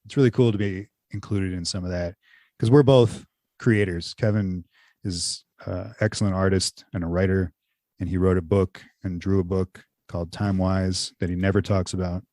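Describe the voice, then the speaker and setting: A man's voice: low-pitched, fairly even intonation, moderate pace, dark tone, no room sound, clean studio sound. A man co-hosting a podcast in casual chat, rambling loosely and full of "like" fillers. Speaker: podcast co-host.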